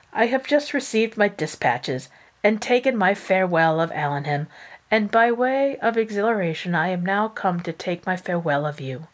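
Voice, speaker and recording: A woman reading the lines of a strained, evasive young gentleman in a subdued, halting way. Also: medium pitch, close to an everyday voice. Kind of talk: reading aloud.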